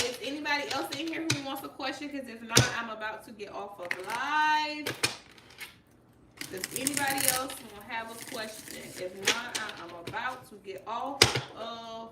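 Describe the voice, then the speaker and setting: A woman hosting a live tarot stream in a casual, direct way, calling her viewers y'all. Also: high-pitched. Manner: informal, addresses viewers as y'all, chatty and direct. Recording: echoey room, mic at a distance, clear background noise.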